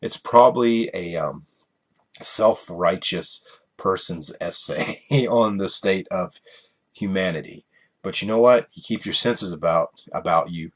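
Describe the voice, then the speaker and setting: A man's voice: low-pitched, measured pace. A man hosting a casual solo podcast, rambling and chuckling through his stories with many fillers. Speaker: podcast host.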